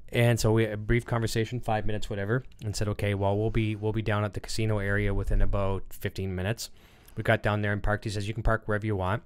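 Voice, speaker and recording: A man's voice: lowish voice, level tone, quick pace, few pauses, smooth. A man hosting a casual livestream, rambling with lots of fillers as he reads chat comments and tells a story. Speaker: livestream host.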